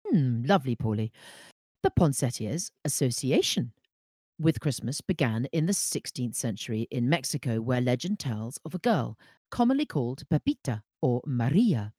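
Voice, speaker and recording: A woman co-hosting a podcast, reading facts aloud with bright enthusiasm. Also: a bass voice, very animated, normal speed, slightly rough, no room sound, studio quality. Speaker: podcast co-host. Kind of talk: casual chat reading facts.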